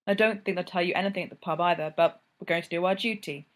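A woman voicing a weary, reserved male police inspector who speaks in a measured, neutral way. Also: on the low side, lightly acted.

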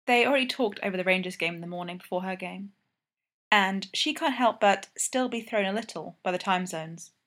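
A woman narrating a fan story aloud in a steady, even way. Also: medium pitch, a little fast. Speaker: fanfiction reader.

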